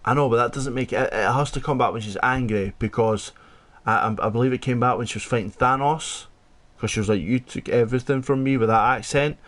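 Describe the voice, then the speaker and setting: A man's voice: mid-range voice, fairly quick, a bit bright. Sweary Scottish man thinking aloud. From Scotland. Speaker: podcast co-host. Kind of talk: casual chat.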